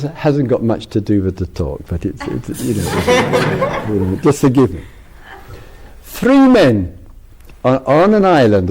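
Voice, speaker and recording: A man's voice: medium pitch, a little mellow, a little hiss or hum. A man giving a casual spiritual talk, rambling with frequent restarts and laughter. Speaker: spiritual teacher.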